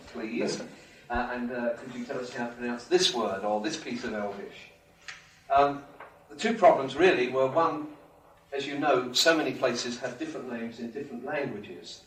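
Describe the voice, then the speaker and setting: A man's voice: medium pitch, a bit bright, a little hiss or hum. A man talks casually to an audience, chatty and wry, with light jokes thrown in. His voice rings around a roomy hall. The mic picks him up from some distance away. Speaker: presenter at a live event.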